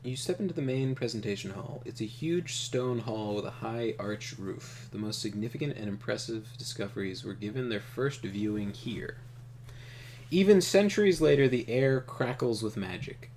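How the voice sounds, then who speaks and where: A man's voice: fairly low pitch, normal speed, few pauses, darkish tone, a little hiss or hum. A man hosting a let's play, reading the game's text aloud and making casual asides with the odd chuckle. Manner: casual, chuckling asides, trips over names. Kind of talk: reading game text and commenting while playing.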